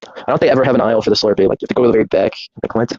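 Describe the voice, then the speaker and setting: A man's voice: lowish voice, rapid-fire, darkish tone, no room sound. A man co-hosting a casual comedy podcast, riffing on jokes in a playful way. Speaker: podcast co-host. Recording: dull lo-fi sound.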